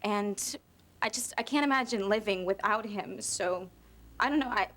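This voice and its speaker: Woman doing desperate young mom, halting, earnest. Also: mid-range voice, fairly bright tone, natural voice.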